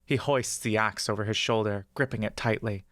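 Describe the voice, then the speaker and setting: A man narrating a fantasy adventure story in the second person, with steady, measured pacing. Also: on the low side, dry recording, studio quality.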